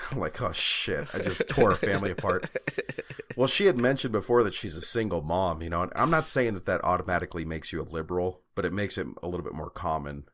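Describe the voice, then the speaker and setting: Deep-voiced man rambling through a story. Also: fast, a bit bright. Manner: rambling storytelling with fillers and profanity. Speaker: podcast co-host. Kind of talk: casual chat.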